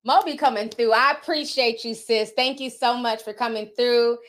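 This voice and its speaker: A woman's voice: a little high, moderate pace, a bit bright. A woman livestreamer reading out viewer donations in a casual, candid and outspoken way.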